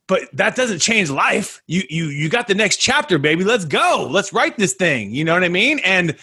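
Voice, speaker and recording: Man, podcast host, casual energetic chat, bright tense voice, slightly high. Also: moderate pace, slightly rough. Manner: energetic, slangy, says dude and guys a lot.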